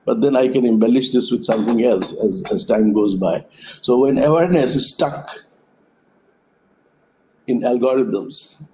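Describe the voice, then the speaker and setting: A man speaks at an even middle pitch with a soft, mellow tone. He gives a reflective talk over a web call. He unfolds his ideas slowly through stories and metaphors. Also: poor audio. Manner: thoughtful storyteller, speaks in metaphors. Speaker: conference speaker. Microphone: web conference call.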